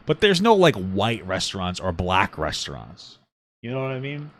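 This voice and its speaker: A male podcast co-host reacts to a clip in casual, sarcastic banter, animated and joking throughout. His voice is lowish and his speed normal.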